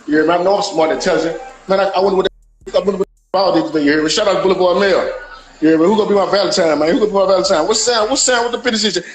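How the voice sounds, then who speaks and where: Fast-talking high-voiced man, rambling. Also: faint music behind, low-quality recording. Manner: rambling, repeats "you hear me". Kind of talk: casual banter.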